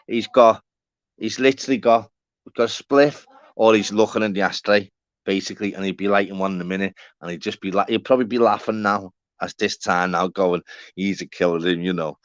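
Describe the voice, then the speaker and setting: A man's voice: on the low side, fairly even intonation, brisk, no echo. Brief: Scouse male streamer, matey and rambling, swears a lot, dull dry lo-fi sound. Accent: Liverpool (Scouse). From Walton, Liverpool, England. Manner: rambling and matey, swears, calls viewers by name. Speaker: live stream host. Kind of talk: casual live-stream chat to viewers.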